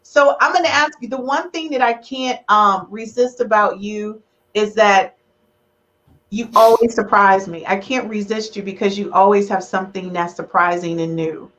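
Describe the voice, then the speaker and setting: A woman hosting a casual relationship podcast over a video call, animated, teasing and playfully dramatic. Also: medium pitch, normal speed, lo-fi sound. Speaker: podcast host.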